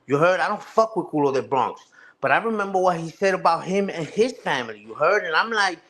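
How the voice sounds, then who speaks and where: A man's voice: on the high side, expressive, a little fast, a bit bright. A man ranting casually and profanely on a live stream, repeating himself and asking "you heard?" again and again.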